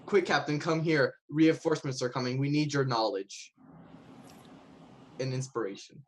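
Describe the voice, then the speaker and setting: A man's voice: medium pitch, normal speed, slight background noise, lightly acted. A man voicing a sly male halfling who poses as a goblin and calls out urgent false warnings in a tabletop game. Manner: urgent, scheming.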